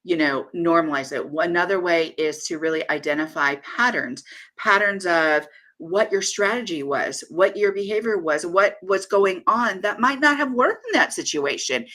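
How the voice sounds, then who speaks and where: A woman's voice: fairly low pitch, normal speed, a bit bright. A woman co-hosting a podcast, speaking emphatically in a coaching way and repeating key phrases. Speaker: podcast co-host. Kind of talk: casual conversational discussion.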